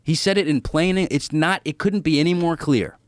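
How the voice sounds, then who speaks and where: A man's voice: on the high side, moderate pace, dry recording. A man, a comedian guest, telling stories in casual podcast chat, swearing freely and acting out the voices of the people he quotes. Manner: animated, profane, acts out quoted voices.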